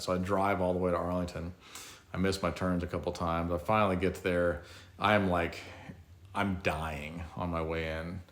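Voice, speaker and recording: Deep-voiced man telling a story. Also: level tone, moderate pace, reverberant. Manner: conversational, self-mocking, reflective. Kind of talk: casual personal story.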